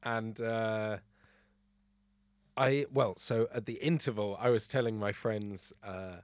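Man telling a lively story. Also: on the low side, slow pace, no echo. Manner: animated storyteller who acts out quotes. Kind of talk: casual chat, telling an anecdote.

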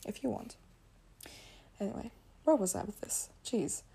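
Her voice sits in the mid-range, creaky and dark with a breathy edge, expressive at a moderate pace. A non-native English speaker, she sounds tired as she delivers a rambling, chatty spiritual podcast monologue, frequently laughing and fixing her own words.

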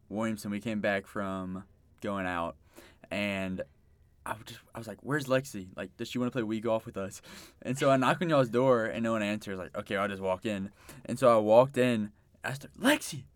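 A man's voice: lowish voice, smooth, no room sound. A young man, a podcast guest, telling a story in playful casual chat and often laughing.

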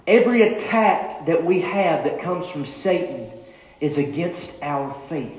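Male preacher, fervent and rising, higher voice, echoing church hall. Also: expressive, unhurried, a little mellow. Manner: rising, impassioned preaching with repeated calls. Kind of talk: sermon. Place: church sanctuary.

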